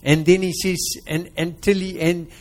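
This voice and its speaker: A man's voice: high-pitched, little pitch movement, normal speed, a little mellow. A man with a South African accent preaching a sermon, quizzing his congregation and retelling a parable.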